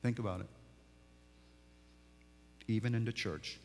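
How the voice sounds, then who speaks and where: A man, a pastor, delivering a sermon that swings from hushed, quiet passages to emphatic, rising declarations. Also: high-pitched, lively intonation, normal speed, slight background noise. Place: large church sanctuary. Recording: long church reverb.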